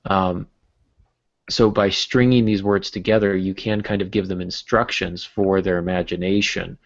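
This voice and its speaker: A man's voice: sits low, little pitch movement, moderate pace, gravelly, lo-fi sound. A man co-hosting a writing podcast, chatting casually with jokes and many fillers. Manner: rambling, joking, many fillers. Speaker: podcast co-host.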